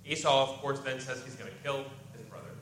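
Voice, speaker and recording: A man's voice: medium pitch, fairly quick, a bit bright. A man preaching a sermon, reading scripture aloud and explaining it in plain everyday talk. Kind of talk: expository sermon. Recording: echoey room with faint ambient noise.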